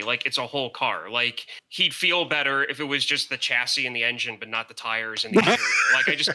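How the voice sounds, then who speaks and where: A man's voice: medium pitch, sharp tone. A man co-hosting a podcast in casual chat, rambling and hesitant, often hunting for words. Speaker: podcast co-host.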